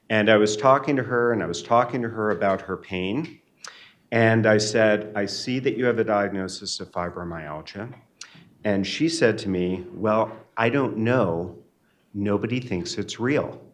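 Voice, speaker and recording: A man, a neuroanesthesiologist, giving a keynote lecture in a measured, earnest and reflective way. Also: fairly low pitch. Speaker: keynote speaker. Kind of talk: academic lecture. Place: lecture hall.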